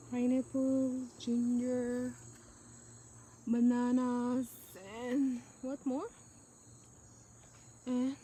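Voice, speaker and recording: A woman's voice: fairly high pitch, dark tone, slight background noise. A young woman, chatting in a casual vlog as she walks around a farm outdoors, exclamatory and thinking aloud. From Nagaland, northeast India. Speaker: vlogger.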